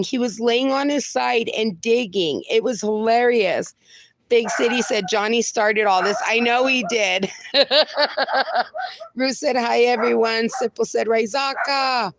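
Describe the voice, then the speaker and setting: A woman's voice: on the high side, a little slow, noisy background. Chatty woman greeting livestream viewers. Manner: affectionate, greets viewers by name with pet names like darling. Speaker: livestream host. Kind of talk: casual livestream chat reading comments. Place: home with dogs.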